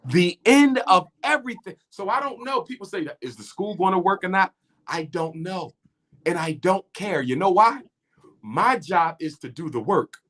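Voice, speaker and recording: This middle-aged man, a guest speaker, has a high, expressive voice with a fairly bright tone at normal speed. He delivers an impassioned lecture in conversation, preacherly and rhythmic, repeating phrases to build emphasis.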